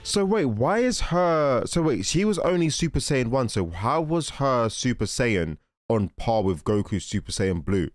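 Animated young man reacting excitedly. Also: mid-range voice, measured pace, hardly any pauses. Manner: exclaiming, self-interrupting, laughing. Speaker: reaction video host. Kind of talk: casual excited reaction commentary.

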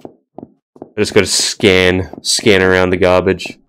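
Deep-voiced man doing sarcastic game commentary. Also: flat delivery, slow, a bit bright, slight background noise. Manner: sarcastic, baffled, laughing often. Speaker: gaming YouTuber. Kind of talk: let's play commentary.

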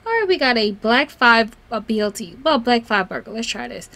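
Woman, let's play host, casual gameplay commentary, chatty, fond to her characters, animated. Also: fairly high pitch, a little fast, creaky. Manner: chatty, talks fondly to her game characters.

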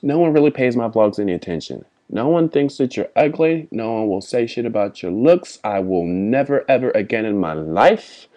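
Profane rambling young man, low voice. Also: animated, normal speed, few pauses, warm tone. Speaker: vlogger. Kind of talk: personal apology vlog.

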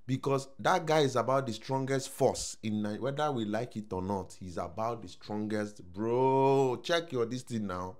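A man with a Nigerian accent giving casual opinion commentary, animated and slipping into Pidgin. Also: mid-range voice, moderate pace, few pauses. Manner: animated, mixes Pidgin, repeats "I don't know if I'm shouting".

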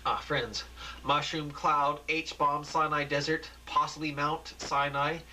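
A man's voice: on the high side, little pitch movement, slow, bright, forceful tone, slight background noise, pitched above the performer's own voice, full character voice, rough recording. A man doing a zealous TV preacher. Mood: preachy. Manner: urgent, pleading, preachy. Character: male TV preacher, urgent and zealous.

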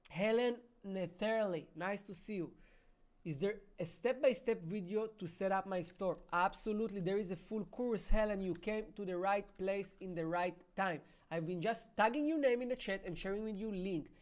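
A man's voice: sits high, moderate pace. Casual man hosting a live Q&A. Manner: casual, friendly, calls viewers "my friend". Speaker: webinar host. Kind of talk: live Q&A reading viewer questions.

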